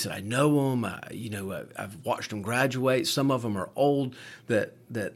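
A man's voice: mid-range voice, moderate pace, husky. A man, co-hosting a podcast, telling stories in casual chat with frequent swearing and restarts. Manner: profane storytelling with many restarts. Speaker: podcast co-host, paramedic.

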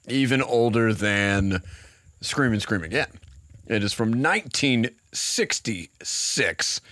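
A man's voice: medium pitch, bright, forceful tone, no room sound, studio quality. A man hosting a podcast, chatting casually and rambling with lots of fillers. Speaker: podcast host. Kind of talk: casual chat.

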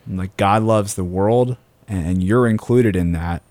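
A man in a casual faith discussion on a podcast, earnest and halting, with many restarts. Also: lowish voice, a little mellow, no room sound.

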